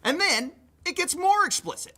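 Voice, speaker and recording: A man's voice: very high-pitched, very animated, moderate pace, sharp tone. A man hosting a commentary show, reading out reports and quotes with sardonic asides. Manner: sardonic, reads quotes aloud. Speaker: commentary host.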